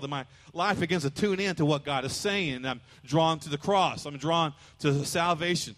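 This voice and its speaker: A man with a high voice preaching a sermon to his congregation. He swings between loud emphatic declarations and quieter explanation, pulling listeners in with call-and-response. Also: a little fast. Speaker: pastor.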